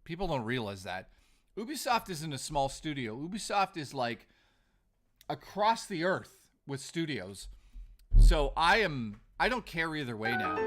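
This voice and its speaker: A man hosting a casual live stream from home, talking in an animated, ranting way while reading out chat messages and thanking supporters. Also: fairly high pitch, a little slow, faint music behind. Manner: animated, ranting, bursts of laughter. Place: home living room.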